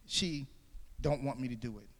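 A man preaching a sermon, swinging between loud shouted calls and quieter storytelling. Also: mid-range voice, moderate pace, big-room sound. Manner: shouting and soaring, then dropping to a hushed storytelling tone.

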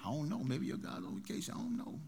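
A man's voice: extremely high pitch, very animated, fairly quick, bright, forceful tone, voice pushed up, full character voice. A man preaching, voicing a bold, defiant male prophet who talks in a sarcastic, colloquial, swaggering way. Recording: long hall reverb.

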